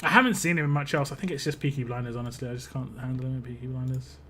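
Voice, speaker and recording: A man's voice: mid-range voice, very fast, a bit bright, slight background noise. A man from the United Kingdom hosting a live game stream, chatting casually with viewers in a rambling, self-interrupting way. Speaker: live-stream gaming host. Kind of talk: casual chat while playing a game.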